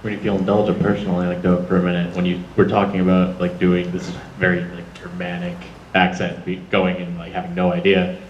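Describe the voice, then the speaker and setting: Lower-voiced jokey man on a hall mic. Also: completely flat delivery, fairly quick, far from the mic, muffled recording, a little hiss or hum. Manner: jokey, chatty, playful asides. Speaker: panel moderator. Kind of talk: convention panel Q&A. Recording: echoey hall audio.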